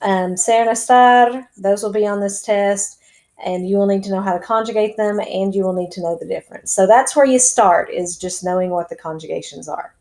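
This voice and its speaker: A woman's voice: mid-range voice, fairly quick, a little mellow, poor audio. A woman teaching a recorded lesson to her students, explaining step by step in a chatty way as she types. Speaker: Spanish teacher. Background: keyboard typing and clicks.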